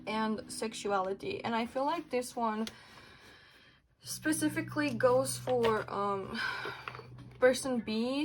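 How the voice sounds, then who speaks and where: A woman's voice: a little high, noisy background. Earnest, blunt woman reading tarot. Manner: earnest, blunt, swears for emphasis, gets heated; asks spirit questions aloud while pulling cards. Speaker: tarot reader. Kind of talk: pick-a-card tarot reading to viewers.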